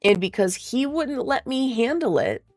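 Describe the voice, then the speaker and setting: A woman's voice: a little high, very animated, normal speed, darkish tone, dry recording, soft background music. A woman talking in a casual chat, venting in a profane, exasperated way. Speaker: streamer.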